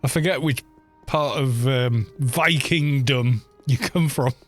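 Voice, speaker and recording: A gaming streamer from Wales, a middle-aged man, speaks slowly at a medium pitch with faint music behind him. He's chatty and jokey with his viewers, often stumbling over words and laughing as he answers chat.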